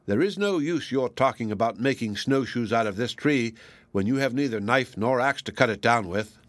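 A man's voice: medium pitch, animated, brisk, fairly bright tone, dry recording, natural voice. A man voicing an anxious magpie bird that speaks in a trembling, imploring voice. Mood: firm. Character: anxious pleading mother magpie.

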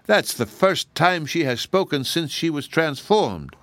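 A bossy giantess witch who gloats over her captives, put on by a man reading aloud. Her voice sits higher than his usual low tone. The recording is dry and close. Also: very animated, unhurried, a bit bright, no echo. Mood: gloating. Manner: domineering, pleased with her power.

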